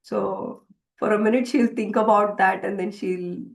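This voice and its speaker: A woman's voice: mid-range voice, steady tone, unhurried, low-quality recording. A woman teaching a devotional scripture class. She retells a story hesitantly, with many fillers and restarts.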